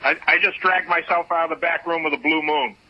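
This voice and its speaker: A man's voice: a little high, steady tone, fast. An older man calling in to a radio show with a dry joke. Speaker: caller. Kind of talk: phone-in chat. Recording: muffled phone line on radio.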